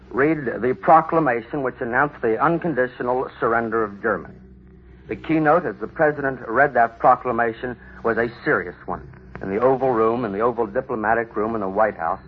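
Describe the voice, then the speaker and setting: A man reporting as a radio news correspondent, with a measured, formal delivery. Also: mid-range voice. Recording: dull, lo-fi 1940s radio broadcast with faint hiss.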